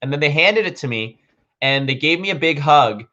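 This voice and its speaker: A man's voice: fairly high pitch, lively intonation, moderate pace, pushed and bright. A man vlogging, casually telling a long story to his viewers, rambling with lots of "like" and "um" fillers. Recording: dull lo-fi recording.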